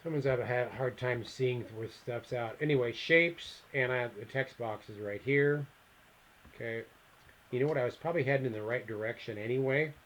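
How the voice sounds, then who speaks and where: An instructor teaches a software lesson in a screen recording, his mid-range voice fairly quick and the recording rough. He thinks out loud, reads each step aloud, and mutters asides to himself while clicking through.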